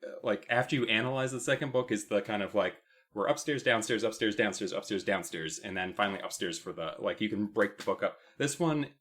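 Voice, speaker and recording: A male podcast co-host chats casually, telling rambling stories loaded with fillers. His voice is fairly low and fairly bright, and he talks fast.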